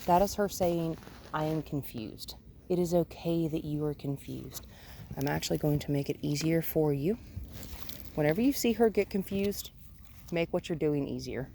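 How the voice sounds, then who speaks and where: A woman with a low voice coaches a dog on a walk, explaining her technique as she goes. She talks in a calm, coaxing way, dropping in quick praise between points. Steady outdoor noise sits behind her voice. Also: gravelly. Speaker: dog trainer. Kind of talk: instructional walk-along narration. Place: outdoors on a residential road.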